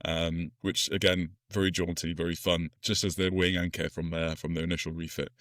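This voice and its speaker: A man with a fairly low voice co-hosts a film podcast, talking through scenes in a loose, enthusiastic way and laughing often. His voice sits close and dry on the microphone, with no room sound. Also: little pitch movement, fairly quick, fairly bright tone, dry recording. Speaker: podcast co-host. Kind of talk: casual film review chat.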